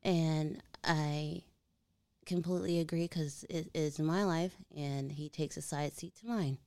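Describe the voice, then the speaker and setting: A young woman with a soft, sweet voice that never sounds threatening, even when she swears. She chats casually as an interview guest, bubbly and quick to giggle. Her pitch sits a little low, and the sound is dry and close. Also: smooth, no room sound. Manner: giggly, bubbly, frequent laughter. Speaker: interview guest, musician's wife.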